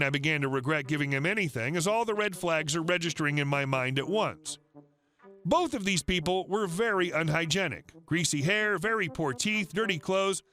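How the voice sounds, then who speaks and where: A man reading first-person internet stories aloud as a narrator in an even, steady storytelling manner. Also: high voice. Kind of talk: scripted narration. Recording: faint music underneath.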